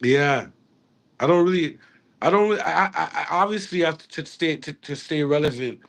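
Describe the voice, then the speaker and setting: A man's voice: a little high, lively intonation, normal speed, vocal fry, a bit bright. A man, a reggae artist talking casually in an interview, rambling with restarts and slang.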